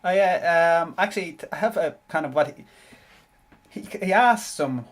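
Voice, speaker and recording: A man's voice: a little high, expressive, moderate pace. Hesitant, earnest man. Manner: hesitant, earnest, repeats himself. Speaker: podcast co-host. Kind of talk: casual chat.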